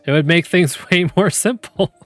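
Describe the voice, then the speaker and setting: A man's voice: high-pitched, moderate pace, fairly bright tone, dry recording, faint music behind. A man hosting a podcast, joking and laughing often as he reads game prompts aloud to his chat. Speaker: podcast host.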